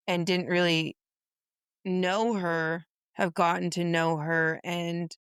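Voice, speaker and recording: A woman co-host talks reflectively in a casual book podcast, often chiming in with brief agreement. Her voice is fairly low and smooth. The recording is dry and close. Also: no room sound. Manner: relaxed, reflective, short agreeing replies.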